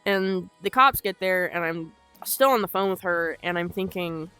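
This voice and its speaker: A woman's voice: lowish voice, moderate pace, few pauses, pushed and bright, soft background music. Blunt, heavy-swearing young woman storyteller. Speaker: vlogger telling a personal story. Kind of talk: unscripted personal storytelling.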